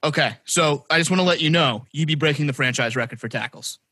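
Fast-talking bright man bantering. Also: fairly high pitch, no room sound. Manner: playful, quick banter. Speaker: podcast co-host. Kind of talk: casual interview chat.

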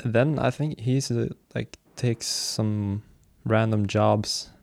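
A man chatting casually about books he is reading, relaxed and hesitant, with many fillers and restarts. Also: fairly low pitch, slow pace, creaky, no echo.

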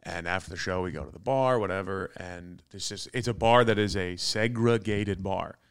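A man's voice: low-pitched, normal speed, smooth. Laughing storyteller man on a comedy podcast. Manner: laid-back storyteller, laughing, acting out quoted people. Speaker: guest comedian.

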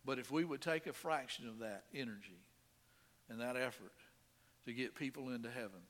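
A middle-aged male pastor preaching a sermon in an earnest manner, swinging between quiet asides and emphatic stresses. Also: medium pitch, normal speed, big-room sound.

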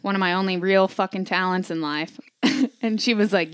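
A woman's voice: mid-range voice, moderate pace, smooth, no room sound. A young woman chatting casually as a podcast co-host, speaking frankly with plenty of swearing and rambling fillers, with a slight American twang. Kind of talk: casual chat.

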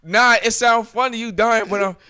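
A man's voice: extremely high pitch, steady tone, normal speed, pushed and bright, smooth. A man, chatting casually and telling stories in loose, profane slang. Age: 30s. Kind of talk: casual chat.

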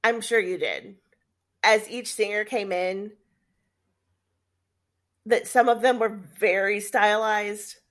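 Slow-talking giggly woman. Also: mid-range voice. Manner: giggly, fond, amused. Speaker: podcast co-host. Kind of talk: casual recap chat.

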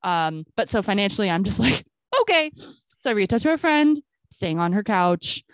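Medium-pitched and moderately paced, a woman on a dry recording relates a story as a podcast co-host in relaxed conversation. Her delivery is lively, acting out the dialogue, with frequent uses of "I'm like".

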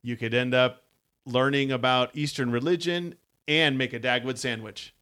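A man's voice: medium pitch, steady tone, normal speed, pushed and bright, clean tone. A man co-hosting a podcast who laughs often and reads story passages aloud between casual chat. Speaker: podcast co-host. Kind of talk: casual chat with book reading.

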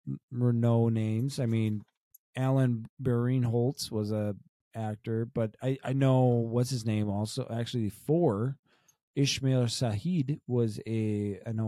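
With a warm, medium-pitched voice on a dry recording, a young adult man co-hosts a podcast. He chats casually, rambling along with plenty of restarts and fillers.

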